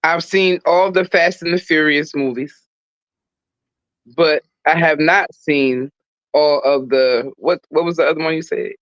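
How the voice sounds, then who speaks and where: A podcast guest chatting casually about movies, in a relaxed, playful, drawn-out way. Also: mid-range voice, no echo. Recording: dull, dry recording.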